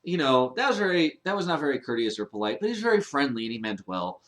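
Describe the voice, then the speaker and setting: A man's voice: medium pitch, very animated, fast talker, very noisy. A man delivering a casual vlog monologue in a mid-range voice. He rambles and swears freely, often breaking off and restarting his sentences. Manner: rambling, profane, with frequent restarts. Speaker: vlogger.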